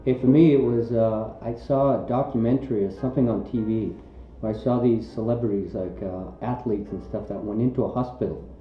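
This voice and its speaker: A man's voice: on the low side, fairly even intonation, a little fast, hardly any pauses. Male interviewee, rambling with fillers, dull echoey recording. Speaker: charity volunteer, interviewee. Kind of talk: casual interview answer. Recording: echoey, dull lo-fi sound, faint music.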